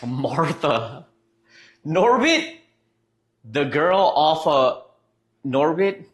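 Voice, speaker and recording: A man's voice: a little high, expressive, slow pace, a bit bright. A man streaming live, chatting casually and reading out chat messages, trailing off and restarting as he goes.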